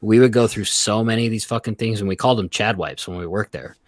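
A man telling workplace stories in a casual, profane, animated way. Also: fairly low pitch, quick pace, dry recording. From Reno area, Nevada. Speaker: podcast guest. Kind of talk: casual storytelling.

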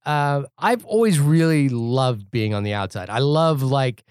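A man from India talks through a film on a podcast in a dry, close room. He sounds animated and thinks aloud, with restarts and fillers. His voice sits in a middle register. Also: medium pitch, unhurried, clear, resonant tone, no room sound. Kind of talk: casual film discussion.

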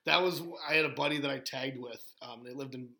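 A man's voice: medium pitch, steady tone, fast talker, creaky, pushed and bright. A man, a former pro wrestler, rambling through stories in casual podcast chat with lots of fillers and laughter.

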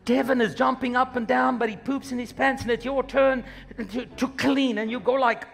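A man with a high voice preaches a lively, humorous sermon. He acts out little scenes in passing, with faint music underneath. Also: normal speed, vocal fry. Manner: animated, humorous preaching with acted-out asides. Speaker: pastor.

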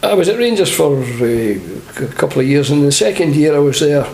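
A man's voice: a little high, expressive, moderate pace, vocal fry, a little mellow. An older man with a Scottish accent, a former footballer telling humorous anecdotes in an interview and laughing along. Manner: chatty, humorous, laughs at his own stories. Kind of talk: anecdotal storytelling.

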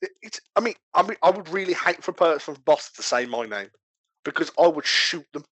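A young British man in casual podcast banter, delivering dark jokes with deadpan mock outrage. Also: fairly high pitch, quick pace, husky, no echo. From Britain.

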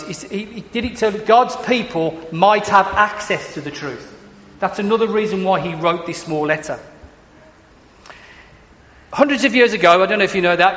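A man's voice: high-pitched, a bit bright. A man preaching a sermon, emphatic, repeating words for stress and asking rhetorical questions. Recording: echoey hall, dull lo-fi sound, faint hiss.

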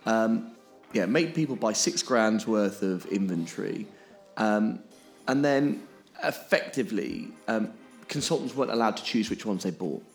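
A man with a fairly low voice, co-hosting a podcast. He explains things emphatically and keeps checking that his listener is following. Faint music plays underneath. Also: animated, measured pace. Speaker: podcast co-host.

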